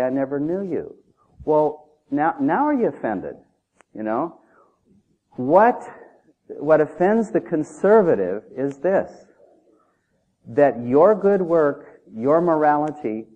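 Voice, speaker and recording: A man preaches in a punchy, talky manner, tossing rhetorical questions at the congregation. His voice sits at an ordinary male pitch. The sound is thin and narrow, like a phone line. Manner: emphatic, conversational, with rhetorical questions. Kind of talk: sermon. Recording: tinny phone-like audio.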